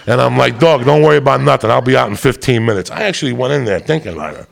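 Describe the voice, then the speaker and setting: Gravelly, profane stand-up comedian. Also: male voice, racing. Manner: loud, profane, rambunctious, swings into high shouts. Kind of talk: stand-up storytelling to a live audience.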